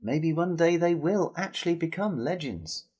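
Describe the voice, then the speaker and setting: A man telling a wartime folk tale to children, expressive and speaking straight to his listeners. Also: a little high, normal speed, slightly rough. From England. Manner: expressive, addresses listeners directly. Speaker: storyteller. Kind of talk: storytelling for children.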